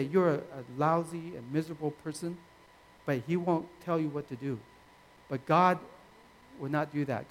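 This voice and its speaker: A man preaching a sermon in a gentle, conversational way with frequent fillers and restarts. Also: on the high side, poor audio. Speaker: pastor.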